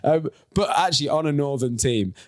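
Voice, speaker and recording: A man's voice: fairly high pitch, expressive, brisk. A man hosting a podcast, chatting casually and joking with his guest. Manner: chatty, joking banter with frequent laughter. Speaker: podcast host. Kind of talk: casual chat.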